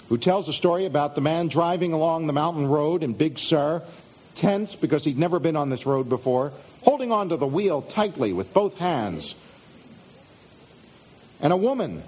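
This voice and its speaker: A middle-aged man giving a motivational self-help talk, speaking in measured phrases that draw out key words and trail down at the ends. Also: a little high, a little mellow, breathy edge.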